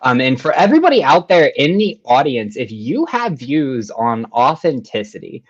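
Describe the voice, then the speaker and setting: A man's voice: medium pitch, very animated, normal speed, breathy edge, no echo, dull audio. A man hosting a live online show, greeting viewers with upbeat, effusive chatter over a video call. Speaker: show host.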